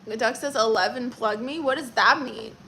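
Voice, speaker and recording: A woman's voice: on the high side, normal speed, bright, forceful tone, a little hiss or hum. A woman from Florida hosting a casual live stream, chatting playfully and reading viewer comments aloud. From Orlando, Florida.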